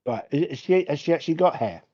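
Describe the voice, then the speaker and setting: Mellow-voiced man, dull online-chat sound. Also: a little high, lively intonation, quick pace, no echo. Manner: short, direct questions and actions. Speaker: player. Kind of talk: tabletop game chat.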